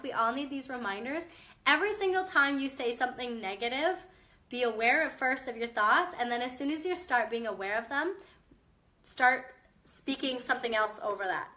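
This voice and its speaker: Bright-voiced upbeat young mom. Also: female voice, on the high side. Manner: upbeat, chatty, direct encouragement. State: chest cough. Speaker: mom vlogger. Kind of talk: casual motivational talk to camera.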